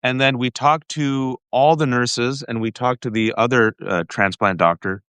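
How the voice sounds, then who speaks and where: A man earnestly recounting a family ordeal in an interview, halting often and restarting his sentences. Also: medium pitch, steady tone, a bit bright, smooth, no echo. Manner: earnest, halting, with restarts and frequent direct address. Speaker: guest. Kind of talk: emotional personal storytelling in an interview.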